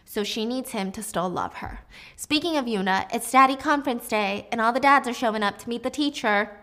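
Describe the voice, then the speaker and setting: A woman's voice: on the high side, fairly quick, bright, forceful tone. A woman casually recapping a drama story with chatty, sarcastic asides.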